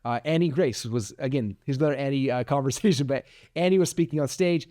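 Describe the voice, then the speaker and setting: A man in his forties giving an energetic, chatty motivational talk as a podcast host, full of "like" fillers. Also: medium pitch, fast.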